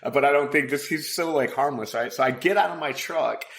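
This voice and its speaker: A man in casual podcast chat, spinning a long story full of swearing and loose fillers. He trails off, restarts and laughs his way through the telling. His voice sits at an ordinary middle pitch for a man. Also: fairly quick, creaky, fairly bright tone. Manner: profane, rambling storyteller. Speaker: podcast co-host.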